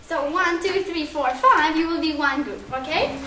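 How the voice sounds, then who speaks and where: A woman trainer running a volunteer workshop, brisk and friendly as she sorts people into groups. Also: very high voice, sharp tone. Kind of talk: workshop instruction. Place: training room. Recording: echoey room from far off, background noise.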